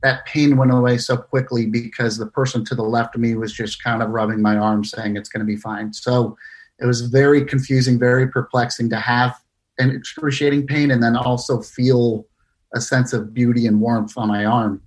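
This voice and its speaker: A young man tells his own near-death story, his voice held in a narrow, flat range. He pauses often and restarts his sentences as he speaks with earnest care. His pitch sits in an ordinary middle register. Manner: halting, many fillers and restarts, earnest. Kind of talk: personal story told in casual talk.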